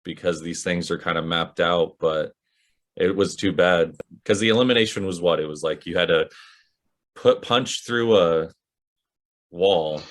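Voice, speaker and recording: A man co-hosting a podcast, chatting casually about a reality show episode, agreeable and quick to laugh. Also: deep voice. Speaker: podcast co-host. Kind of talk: casual recap chat.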